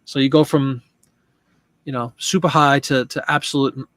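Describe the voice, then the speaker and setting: A man's voice: medium pitch, steady tone, normal speed, fairly bright tone, no echo. Chatty man on a dry mic. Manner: chatty, rambling with restarts and asides. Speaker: live show host. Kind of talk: casual live chat.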